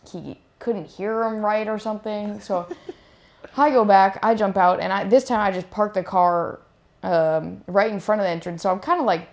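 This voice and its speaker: Young woman, casual storyteller, fillers galore, animated quotes, mid-range voice. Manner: animated, acts out quotes in higher voice; many fillers, "like" and "I'm like". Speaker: pro beach volleyball player.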